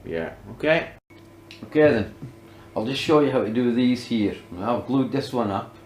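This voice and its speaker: A man's voice: medium pitch, expressive, moderate pace, a little mellow, reverberant, poor audio. Chatty man muttering through workshop jobs. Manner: chatty, talks himself through each step, often muttering under his breath. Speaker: DIY woodworking vlogger. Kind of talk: casual workshop demonstration.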